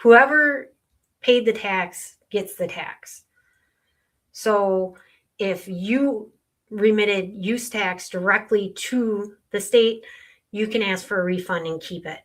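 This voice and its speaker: Brief: middle-aged woman, tax consultant guest, earnest explainer, medium pitch. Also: slow pace. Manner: explains earnestly with client stories. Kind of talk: podcast conversation.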